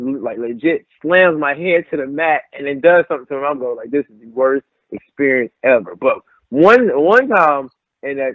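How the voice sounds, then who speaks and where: A medium-pitched young man who's a pro wrestler relaxes into storytelling during an interview, animatedly impersonating what others told him. The recording is a dry, tinny phone-like line with no room sound.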